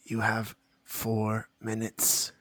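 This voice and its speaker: A man voicing a stern figure who gives a slow, measured warning in a tabletop game. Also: fairly low pitch, completely flat delivery, a bit bright, no echo, exaggerated voice.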